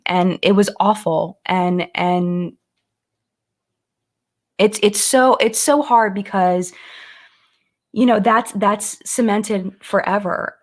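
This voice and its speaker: A woman hosts a relaxed beauty live stream, chatting to her viewers and thanking them by name. Her voice sits a little low, and she turns earnest and thoughtful, often restarting her sentences as she works through a point. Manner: chatty, reads out and thanks commenters; earnest and reflective, with many restarts. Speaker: beauty YouTuber hosting a live chat. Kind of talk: casual live-stream chat.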